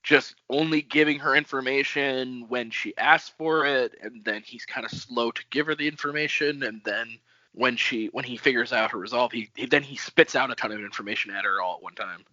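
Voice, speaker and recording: A man co-hosting a book podcast, chatting bluntly in a lively, jokey way. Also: mid-range voice, fairly quick, dry recording. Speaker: podcast co-host. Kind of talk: casual book-club chat. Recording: dry, dull lo-fi audio.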